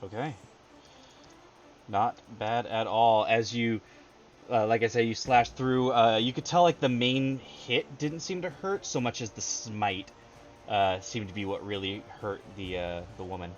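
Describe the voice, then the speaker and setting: A man running a tabletop role-playing game as game master, easygoing and quick with asides, laughing often. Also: fairly low pitch, fairly even intonation. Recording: dull lo-fi stream audio with faint noise.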